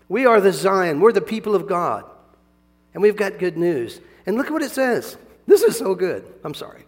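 A male pastor preaching a sermon, animated, swinging between soft asides and loud emphatic bursts, chuckling often. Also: high-pitched, brisk, in a large hall.

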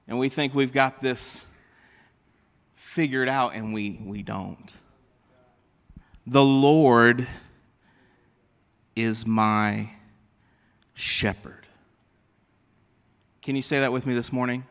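A man's voice: mid-range voice, steady tone, creaky, fairly bright tone. A man preaching a sermon as pastor, drawing out key phrases and calling for responses from the congregation. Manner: slow, emphatic preaching with drawn-out phrases and audience call-and-response. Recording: long hall reverb.

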